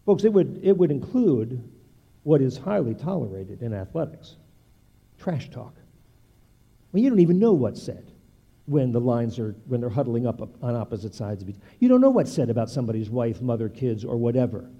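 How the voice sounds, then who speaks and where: An older man preaches with animated energy, swinging his voice up and down as he drives each point home. His tone is dark and mellow, with a slightly husky edge. He breaks into playful asides between the points. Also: medium pitch, normal speed, muffled recording. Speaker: pastor. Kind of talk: sermon.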